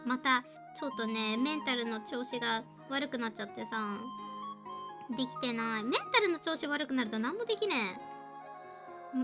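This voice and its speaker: A woman's voice: fairly high pitch, expressive, fast talker, music in the background. A woman hosting a casual live drawing stream, switching between Japanese and English and laughing often as she chats. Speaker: live-stream artist and host.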